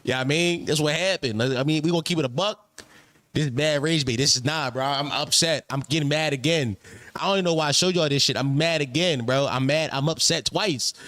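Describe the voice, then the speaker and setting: A man's voice: fairly high pitch, a little fast, fairly bright tone, no echo. A young man hosting a casual reaction stream, ranting in a profane, repetitive way.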